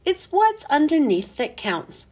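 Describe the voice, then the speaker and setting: Reader as gentle teacher, measured and reassuring, storybook. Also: female voice, high-pitched, sing-song, pitched above the performer's own voice. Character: calm grown-up woman teacher.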